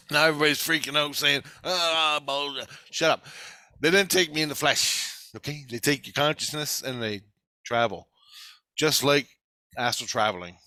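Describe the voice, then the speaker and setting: A half-awake man rambling through a profane, casual story, quoting others in quick asides. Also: fairly high pitch, bright, forceful tone, no room sound, studio quality. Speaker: video maker. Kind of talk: casual chat.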